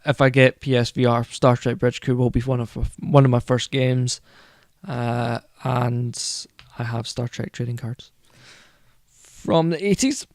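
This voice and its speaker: A man's voice: mid-range voice, measured pace, a little mellow, no room sound, clean studio sound. A man co-hosting a casual podcast chat, rambling and correcting himself as he goes. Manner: rambling, self-correcting, enthusiastic. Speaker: podcast co-host.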